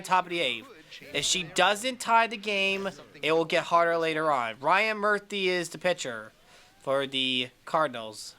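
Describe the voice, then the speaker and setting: A man narrating his baseball video game session in a casual, rambling way. His voice is bright and sits a bit high, and he gets loud fast when a swing connects. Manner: excitable, shouts at big plays. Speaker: gaming commentator.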